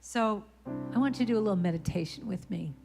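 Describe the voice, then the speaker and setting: A woman's voice: mid-range voice, fast, gravelly, a little mellow, soft background music. A woman speaker giving a conversational sermon at a church, telling stories and breaking into short sung lines. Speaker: guest speaker and singer. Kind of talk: storytelling sermon talk. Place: church sanctuary.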